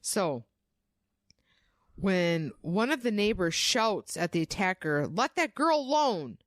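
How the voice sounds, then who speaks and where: Woman, young adult, low voice, dry close sound; casual, animated storyteller who swears. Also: no room sound. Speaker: podcast co-host. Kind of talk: casual true crime storytelling.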